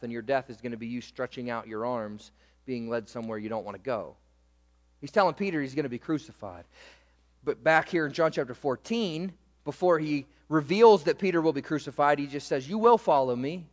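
A man preaching a sermon as pastor, swinging between loud emphasis and quiet, low asides. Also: brisk, in a large hall.

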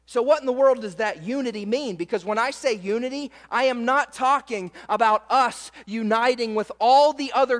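A man preaching a sermon as pastor, emphatic, slowing down to read scripture aloud. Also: very high voice, big-room sound.

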